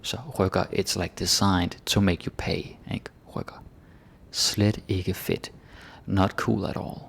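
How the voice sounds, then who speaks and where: A man from Denmark, giving a casual language lesson and slowing down to read example phrases aloud. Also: deep voice, gravelly, a little hiss or hum. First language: Danish. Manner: relaxed explaining, slows down to read phrases. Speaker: language teacher.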